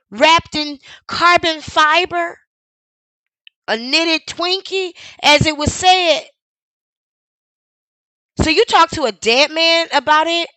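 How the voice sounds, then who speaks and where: A woman reacting live to a news clip, her high voice slow and deliberate as she piles up sarcastic, blunt rhetorical questions. The sound is dry and close, with a bright edge. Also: dry recording, rough recording. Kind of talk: live-stream reaction commentary.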